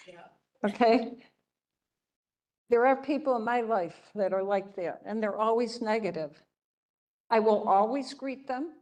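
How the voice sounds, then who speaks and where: Slow, gentle older woman teaching. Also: medium pitch. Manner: gentle, chatty, checks in with listeners. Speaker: religious sister teaching a class. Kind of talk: storytelling lecture to a class.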